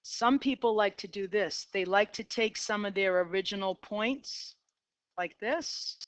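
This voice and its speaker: A woman's voice: medium pitch, measured pace, smooth, no room sound. A middle-aged woman with a Boston accent teaching a math class, talking herself through graph sketches in an upbeat way. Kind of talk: classroom lecture. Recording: dull lo-fi, dry.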